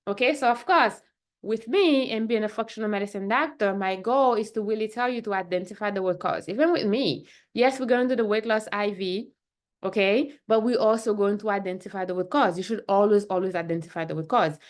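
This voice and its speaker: A woman's voice: medium pitch, brisk. A woman who is a functional medicine doctor, talking casually to the camera in a chatty way and often checking in with "right?" and "okay?".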